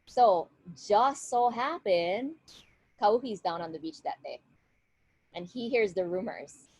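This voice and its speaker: A woman's voice: mid-range voice, takes it slowly, husky, no room sound, low-quality recording. A woman retelling a legend in a casual, conversational way, often checking in with her listeners over a video call. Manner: lively, conversational, checks in with "right?". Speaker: storyteller and guest speaker.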